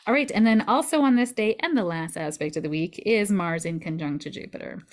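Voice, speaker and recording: A woman's voice: medium pitch, expressive, brisk. A woman astrologer giving a casual weekly forecast in a chatty, reflective way, often adding "right?" to her points.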